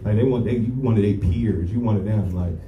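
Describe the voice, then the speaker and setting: A man's voice: fairly low pitch, a little fast, recorded from a distance, highs cut off. A man doing a stand-up comedy set on a club stage, telling loose, profane stories with lots of filler while a live audience laughs along. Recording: roomy live club recording with crowd. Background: audience laughing and clapping.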